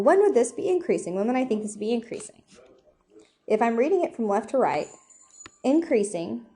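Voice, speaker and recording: A woman's voice: medium pitch, dark tone. A young woman giving a casual, chatty whiteboard math lesson, often checking in with "okay?" and joking about her drawings. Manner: chatty, self-deprecating, asks "okay?" often. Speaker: math teacher.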